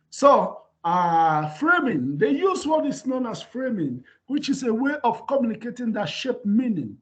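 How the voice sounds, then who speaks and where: A male professor teaches a class in an animated manner, often checking that his listeners follow. His voice sits high and rises and falls widely. The recording is muffled and lo-fi. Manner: animated, repeats "can you see?". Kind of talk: university lecture. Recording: dull lo-fi lecture recording.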